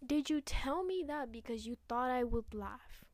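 A young woman talks straight into the mic in a casual solo podcast, angry and profane, often dropping into hushed, whispery asides. Her voice sits a little high, and the recording is close and dry, with no room sound. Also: expressive, unhurried, no room sound. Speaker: podcast host.

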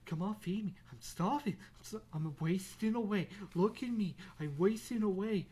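A demanding female house cat with a filthy mouth, as a man puts her on. She nags and taunts in a sarcastic, impatient tone, pitched a little higher and pushed louder than his normal speech. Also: normal speed, breathy edge. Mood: whiny.

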